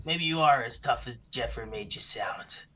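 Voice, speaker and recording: A man voicing a male goblin who coaxes a raging giant to calm down with repeated reassurances. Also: mid-range voice, moderate pace, slight background noise, pitched below the performer's own voice, natural voice. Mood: soothing. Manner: coaxing, repeating soft reassurances.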